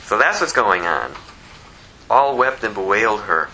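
A man teaching verse by verse from the Bible, lively and conversational, who chuckles at his own asides. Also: lowish voice, measured pace, slight background noise, low-quality recording.

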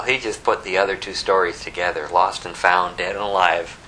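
A male preacher delivering a sermon in a folksy, animated storytelling manner. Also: low voice, normal speed, a little hiss or hum, low-quality recording.

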